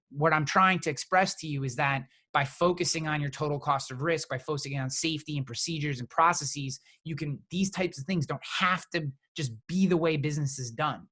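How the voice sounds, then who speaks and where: Middle-aged guy talking shop, bright tense voice, lots of um and restarts. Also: on the high side. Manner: halting, many restarts and fillers. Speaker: insurance agent. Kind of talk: casual explanatory talk.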